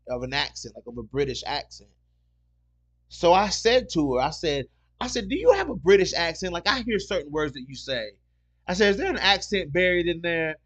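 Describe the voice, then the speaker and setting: A man's voice: on the high side, fairly bright tone. A man hosting a casual talk show, rambling and repeating himself as he tells stories and reads comments. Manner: rambling, repeats "you know what I'm saying". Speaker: podcast host. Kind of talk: casual solo chat reading comments.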